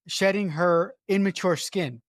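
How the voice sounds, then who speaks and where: A woman's voice: on the low side, measured pace, no echo, studio quality. A woman co-hosting a film review podcast, chatting casually, often restarting her sentences and swearing for emphasis. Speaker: podcast co-host.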